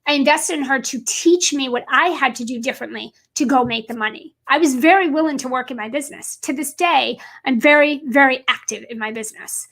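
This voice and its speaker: A woman's voice: high-pitched, a little fast, few pauses, fairly bright tone. A woman business coach giving an emphatic motivational talk to camera, repeating her points and calling her viewers guys.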